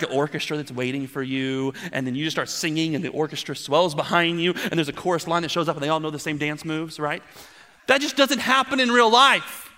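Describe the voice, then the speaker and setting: A man in his thirties preaching a sermon, telling stories with playful asides and growing animated. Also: a little high, long reverb tail. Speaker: pastor.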